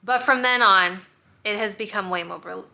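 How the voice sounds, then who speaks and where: A woman book vlogger in casual chat, retelling a plot in an animated way, with frequent laughs and exclamations. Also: medium pitch, moderate pace, gravelly.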